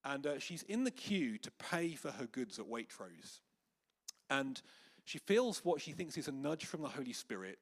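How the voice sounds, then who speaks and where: A man preaching a sermon in church, telling stories with animated quoted voices. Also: medium pitch, normal speed. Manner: anecdotal storytelling with lively acted quotes. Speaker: pastor. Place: church hall with congregation.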